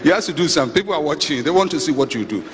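A middle-aged pastor preaches as if talking with friends, telling stories with dry humor. His pitch swings widely and animatedly. The voice rings with the long reverb of a large hall, over a faint background hiss. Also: lively intonation, very fast. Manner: conversational storytelling with dry humor and chuckles. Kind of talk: sermon.

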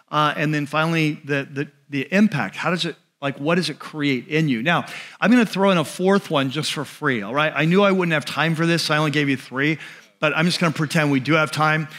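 Man preaching with a slightly high voice. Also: a bit bright. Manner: conversational preaching with restarts and asides; slows and drops his voice on key phrases. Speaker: pastor. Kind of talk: sermon.

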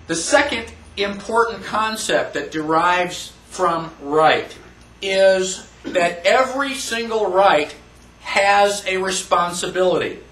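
Higher-voiced man lecturing in a roomy hall. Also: fairly bright tone. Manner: emphatic, asks the audience questions. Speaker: constitution class teacher. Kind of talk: classroom lecture. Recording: roomy, distant mic.

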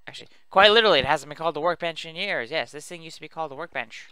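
A man's voice: on the high side, racing, sharp tone, clear, resonant tone, no room sound. A man giving casual, rambling commentary while building in a video game, chatty and self-mocking as he talks to his viewers. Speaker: let's play host.

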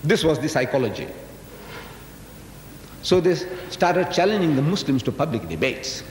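Animated older man lecturing in echoey hall. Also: on the high side, normal speed, a little hiss or hum. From South Africa, of Indian descent. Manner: folksy, teasing, talks directly to the audience with rhetorical questions. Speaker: Islamic lecturer. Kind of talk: public lecture to a live audience. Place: large lecture hall with audience. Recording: echoey hall, 1980s live recording.

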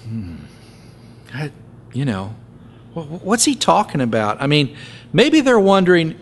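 A man's voice: a little high, wildly swooping pitch, measured pace, pauses often, a little hiss or hum. A man pastor giving a conversational sermon, joking and acting out little scenes as he preaches.

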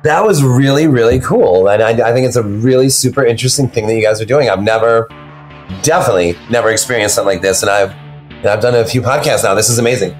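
A man, a podcast guest on a video call, telling rambling stories in an excitable way and acting out the quotes. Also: medium pitch, quick pace, soft background music. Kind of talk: animated storytelling in an interview.

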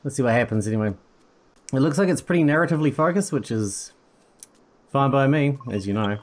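A man's voice: mid-range voice, expressive, a little fast. A man hosting a game demo playthrough, chatting casually and thinking aloud as he plays. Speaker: gaming channel host. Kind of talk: let's play commentary.

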